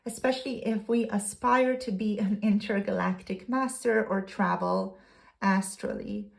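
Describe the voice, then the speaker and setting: Slow, soothing woman tarot reader. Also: mid-range voice, vocal fry, a little mellow. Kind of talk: tarot reading, reading aloud from a card booklet.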